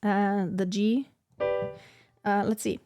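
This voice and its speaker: A singing teacher and lyric coloratura soprano thinks aloud through an aria practice session, over music. She is self-critical and breaks into short sung demos. Her medium-pitched voice is slow, with little pitch movement.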